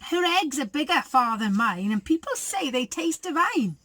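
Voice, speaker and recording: A woman voicing a clever fat red hen in a storybook reading, calm and persuasive. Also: high voice, normal speed, no room sound.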